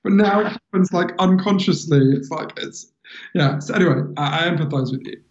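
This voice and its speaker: A man with a London accent chats animatedly as a podcast guest, laughing between stories. His voice sits a bit high, and the remote line sounds dull and lo-fi. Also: a little fast. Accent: London English. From England. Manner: animated, chatty storyteller, laughs often. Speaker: guest author. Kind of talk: casual interview chat.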